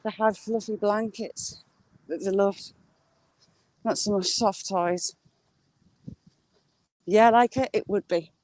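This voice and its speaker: Speaking slowly with long pauses, she has a medium-pitched, a little mellow voice and fairly even intonation. The speaker is a middle-aged woman from northern England whose accent blends Yorkshire, Geordie and Cumbrian, live-streaming a walk through rural fields. She's chatty and rambling, talking casually to viewers and replying to their comments.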